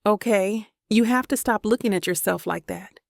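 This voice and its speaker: A woman voicing a protective young female friend, speaking softly and affectionately in an audiobook. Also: mid-range voice, moderate pace, creaky, no room sound, studio quality, close to an everyday voice. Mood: tender. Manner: soft, affectionate.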